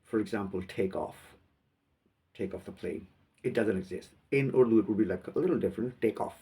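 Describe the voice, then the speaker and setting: Gravelly-voiced man. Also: fairly low pitch, mellow, recorded from a distance. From Pakistan. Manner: halting, repeats words while thinking. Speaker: aviation video commentator. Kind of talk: critical commentary on a video.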